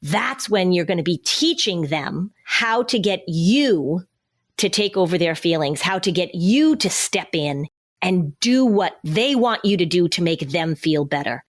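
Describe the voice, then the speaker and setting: A woman's voice: on the low side, animated, a little slow. A woman hosting a podcast, giving parenting advice in a conversational, explanatory way and acting out what a parent might say. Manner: explanatory, acts out parent and child lines.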